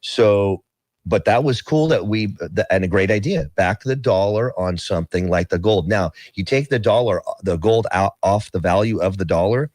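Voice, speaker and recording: Deep male voice, dry close sound, halting talker who restarts often. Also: a little mellow, no room sound. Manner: halting, many restarts and fillers. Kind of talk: casual discussion.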